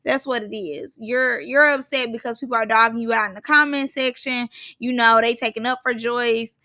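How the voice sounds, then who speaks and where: A woman's voice: a little high, fairly even intonation, moderate pace, bright, forceful tone. A young woman giving a chatty, slangy recap of a reality show, acting out quotes as she goes. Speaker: reality TV reviewer. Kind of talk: casual recap commentary.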